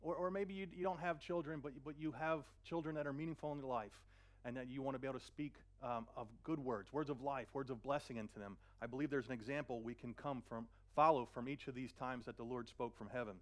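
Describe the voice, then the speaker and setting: A man's voice: mid-range voice, steady tone, fairly bright tone. A man preaching a sermon, earnest, often repeating a word as he gathers his thoughts. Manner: earnest, repeats words while searching, slows for scripture. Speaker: pastor.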